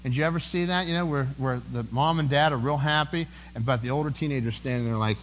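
A man's voice: medium pitch, fast talker, hardly any pauses, a little hiss or hum, poor audio. A man preaching a sermon in an earnest, conversational way, often repeating words as he goes. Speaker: pastor.

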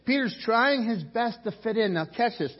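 Husky preaching man in a hall. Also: very high-pitched, moderate pace. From Pittsburgh. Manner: animated preaching with voiced quotes and asides. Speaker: pastor. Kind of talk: sermon. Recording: dull recording in a reverberant hall.

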